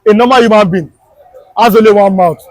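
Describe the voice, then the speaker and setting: High-voiced Nigerian man, emphatic and repetitive. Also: fairly quick, darkish tone, dry recording, poor audio. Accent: Nigerian, Yoruba. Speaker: street political commentator. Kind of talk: impassioned political commentary. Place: outdoors on a Lagos street.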